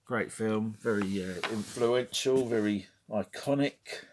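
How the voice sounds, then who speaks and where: A middle-aged man talks through his collection in an unhurried, drawling way, his voice sitting fairly low. He rambles with wry muttered asides and bursts into bits of tunes. There is a faint hiss under the recording. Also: darkish tone. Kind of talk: casual chat.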